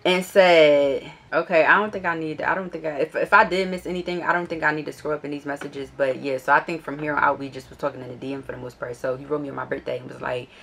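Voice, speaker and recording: A woman's voice: quick pace, vocal fry, few pauses. A young woman telling a casual storytime vlog, blunt and profane as she reads out old messages. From Philadelphia. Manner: blunt and profane, gets animated and higher when annoyed. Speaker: vlogger.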